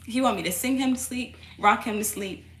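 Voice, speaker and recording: A young woman and mother chatting casually to camera at home. She laughs loudly and often, swears freely, and coos softly to her baby between remarks. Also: a little high, fairly quick. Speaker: mother vlogging. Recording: echoey room with steady noise.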